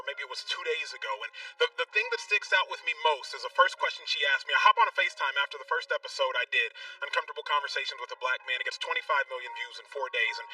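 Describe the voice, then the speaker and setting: A man speaking as a guest author on a radio show, measured and earnest. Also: a little high, bright, forceful tone, clear, resonant tone, recorded from a distance, rough recording. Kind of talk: radio interview.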